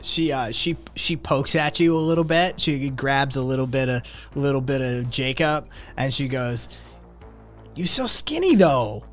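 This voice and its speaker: A man narrating a tabletop role-playing game as game master, unhurried and full of pauses. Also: medium pitch, little pitch movement, a bit bright, soft background music. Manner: unhurried, hesitant with fillers.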